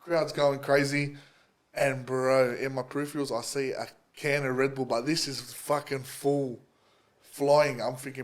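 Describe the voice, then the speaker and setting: A man's voice: medium pitch, steady tone, unhurried, a bit bright, slight background noise. A young man, co-hosting a casual podcast in a laid-back way and laughing often. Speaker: podcast co-host. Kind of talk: casual chat, storytelling.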